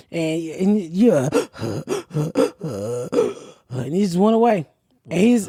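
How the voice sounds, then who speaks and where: A woman in her fifties, a podcast host, telling profane stories with loud laughter. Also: mid-range voice, dry recording, clean studio sound. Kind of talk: casual storytelling chat.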